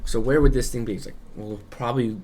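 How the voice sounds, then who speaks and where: A man's voice: mid-range voice, fairly even intonation, quick pace, a crowd in the background. A man co-hosting a podcast, loosely retelling a story in casual chat, swearing freely and acting out quotes. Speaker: podcast co-host.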